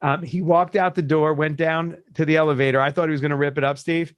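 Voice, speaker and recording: A man's voice: a little high, fast talker, no room sound. A man who coaches businesses, telling a story in casual podcast talk and acting out the people he quotes. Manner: animated storyteller, acts out quoted voices.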